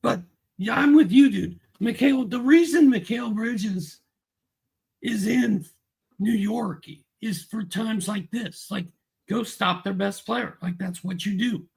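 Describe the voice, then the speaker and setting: A man co-hosting a casual sports chat as an analyst, relaxed and agreeable. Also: high-pitched, slow, creaky, slightly rough. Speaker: co-host analyst.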